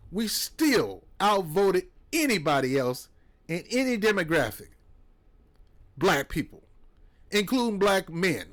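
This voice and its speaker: Commentator, man, high-ish voice, heated preaching delivery. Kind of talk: political monologue.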